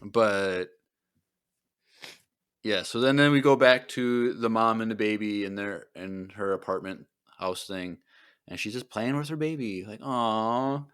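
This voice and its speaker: A man co-hosting a podcast, recapping an episode in casual chat and acting out the characters' lines in quick put-on voices. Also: fairly low pitch, smooth. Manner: animated retelling with quick voiced impressions. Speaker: podcast co-host.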